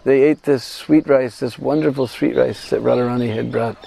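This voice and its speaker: A man guiding a pilgrimage, telling a devotional story in an animated way and acting out the quoted voices. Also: medium pitch, normal speed, creaky, a little hiss or hum. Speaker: pilgrimage guide and devotional speaker. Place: at a shrine on pilgrimage.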